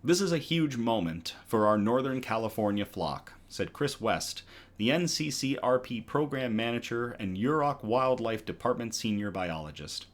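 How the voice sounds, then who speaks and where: A man with a mid-range, animated voice hosts a laid-back online news show at a moderate pace. He reads articles aloud conversationally, often saying "um" and correcting himself.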